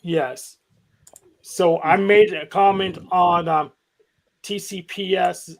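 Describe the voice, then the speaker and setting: Gravelly, monotone man on a group call. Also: high-pitched, takes it slowly. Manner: insistent, argumentative. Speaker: participant in an online hangout. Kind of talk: casual group call, reading out posts.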